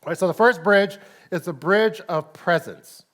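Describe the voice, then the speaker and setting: Chatty Texan pastor, fairly high voice. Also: male voice, normal speed, fairly bright tone. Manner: chatty, laughs often, says "right?" a lot. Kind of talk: casual conversational sermon. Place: church service.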